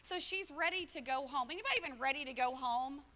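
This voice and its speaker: A woman's voice: high-pitched, brisk, pushed and bright. A woman pastor preaching a sermon, conversational and acting out quoted dialogue. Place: church auditorium. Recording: long hall reverb.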